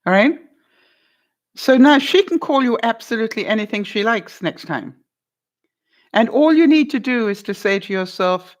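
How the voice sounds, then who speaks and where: A woman's voice: on the high side, expressive, normal speed, long pauses. Laughing, encouraging woman giving life advice. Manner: encouraging, often checks in with "all right?"; laughs often, playful. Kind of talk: coaching talk to a guest.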